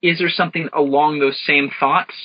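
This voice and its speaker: A man's voice: a little high, fairly even intonation, normal speed. A man brainstorming names in a casual chat, thinking aloud and reading out definitions. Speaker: worldbuilding co-creator. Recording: dull lo-fi sound.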